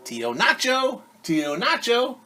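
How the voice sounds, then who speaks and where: Un hombre haciendo de niña alegre que llama. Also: male voice, fairly high pitch, expressive, normal speed, sharp tone, breathy edge, exaggerated voice. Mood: calling. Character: young schoolgirl niece, cheerful. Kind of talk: children's storybook read-aloud.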